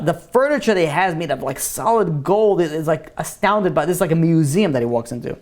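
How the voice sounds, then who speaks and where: A man's voice: high voice, a little mellow. Man, rabbi, storytelling lesson, casual, chatty, lots of fillers. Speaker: rabbi and teacher.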